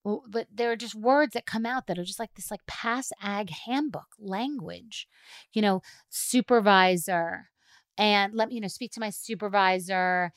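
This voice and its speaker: A middle-aged woman hosting a podcast, ranting animatedly and mocking a calm, whispery customer-service voice. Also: mid-range voice, a little slow, dry recording. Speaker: podcast host. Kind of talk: solo ranting podcast talk.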